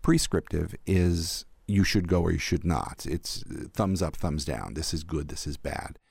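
Older guy critic, really low gravelly voice, reminiscing thoughtfully about theater. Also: unhurried, no echo. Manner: thoughtful, warmly animated storyteller. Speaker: arts critic, interview guest. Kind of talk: reflective storytelling in an interview.

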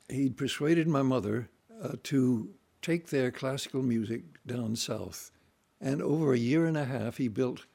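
A man telling family stories in a relaxed, folksy way, acting out voices and sounds as he goes. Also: mid-range voice, vocal fry, breathy edge. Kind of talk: relaxed anecdotal storytelling.

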